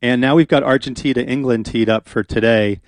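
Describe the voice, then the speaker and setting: A man's voice: medium pitch, brisk, dry recording. Chatty male radio host, dry studio sound. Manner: relaxed, chatty, with frequent fillers. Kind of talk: casual radio talk. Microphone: studio microphone.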